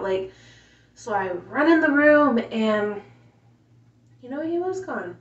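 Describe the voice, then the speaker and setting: Woman, somewhat high voice, soft emotional storytelling, echoey room, distant dull sound. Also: lively intonation, a little slow. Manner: soft-spoken, emotional, many fillers. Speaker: mother telling her story. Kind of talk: casual personal storytelling. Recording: roomy, distant, dull home recording.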